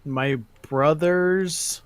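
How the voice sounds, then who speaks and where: A man dropping into a casual chat as a guest, talking in a halting, low-key way. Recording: noisy mic with keyboard clicks.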